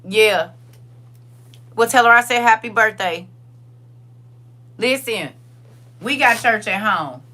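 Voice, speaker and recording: Older lady hosting a live stream, bright forceful voice, chatty and emphatic, keeps repeating herself. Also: on the high side, slow, long pauses. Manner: chatty and emphatic, repeats phrases, reads viewer comments aloud. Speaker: livestream host. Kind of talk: casual livestream chat with viewers.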